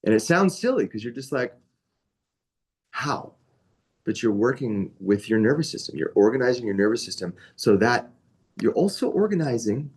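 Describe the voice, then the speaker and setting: A man's voice: mid-range voice, a little mellow. A young man teaching a yoga training class in a casual, conversational way, full of asides and checks with his listeners.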